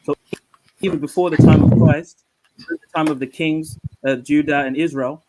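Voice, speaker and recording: A man's voice: fairly high pitch, steady tone, moderate pace, noisy background. Man lecturing from scripture. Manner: lecturing, cites texts. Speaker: panel guest. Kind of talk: scriptural debate on a live panel.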